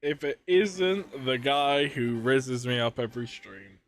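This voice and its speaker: A man's voice: mid-range voice, slow pace. A British man streaming a video game live, chatting casually with viewers, joking and swearing often as he laughs at himself.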